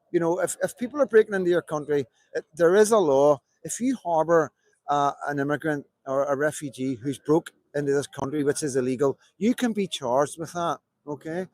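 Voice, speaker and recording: A Northern Irish man talks in a heated, rambling way, swearing freely as he goes. His voice sits a little high. The sound is dry and close, with no room around it. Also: darkish tone, no echo. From Northern Ireland. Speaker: protester. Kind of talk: outdoor livestream speech.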